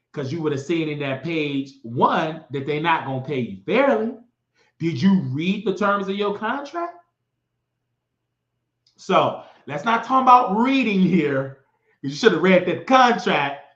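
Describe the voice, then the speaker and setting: A man rants in a heated, mocking and sassy way as he hosts a political commentary show. His voice sits fairly high. The recording is dull and lo-fi, with a roomy echo around him. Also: big pitch swings, slow pace, long pauses, a bit bright. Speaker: show host. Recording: echoey, dull lo-fi room sound.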